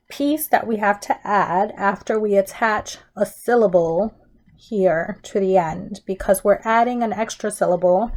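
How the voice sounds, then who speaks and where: A woman's voice: mid-range voice, dark tone. A woman teaching a Spanish grammar lesson in a recorded tutorial, explaining step by step and checking in with "okay?" as she goes.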